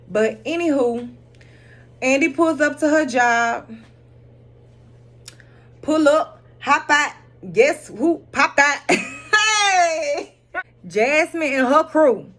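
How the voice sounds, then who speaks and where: A woman with a slightly high voice gives a casual spoken recap of a drama episode. She is animated and blunt, drops profanity freely and laughs often as she tells it. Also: unhurried, long pauses.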